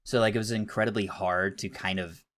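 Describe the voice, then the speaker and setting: A man's voice: fairly low pitch, fairly even intonation, a little fast, fairly bright tone. A man in his thirties, a podcast co-host chatting candidly, with self-deprecating humor. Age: 30s. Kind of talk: casual chat.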